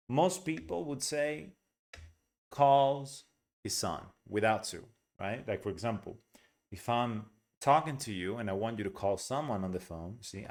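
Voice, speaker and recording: Chatty man teaching English reading. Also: medium pitch. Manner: chatty, explains words and pronunciation as he reads. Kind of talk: casual reading lesson.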